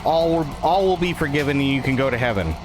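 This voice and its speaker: A man's voice: mid-range voice, lively intonation, fast, close to an everyday voice, rough recording. A man doing a solemn old heavenly gatekeeper. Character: solemn elderly male gatekeeper saint. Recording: clear game music behind.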